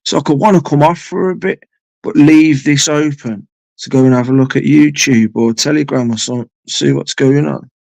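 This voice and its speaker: Man, live stream host, rambling and sweary, gravelly voice, dry close sound. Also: on the high side, moderate pace, a little mellow, no room sound, low-quality recording. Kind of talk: casual chat with viewers.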